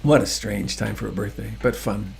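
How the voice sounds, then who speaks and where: Gravelly soft-spoken older meditation teacher. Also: male voice, on the low side, slight background noise. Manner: soft-spoken, unhurried, gently humorous. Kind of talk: gentle dharma talk on a video call. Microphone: video call.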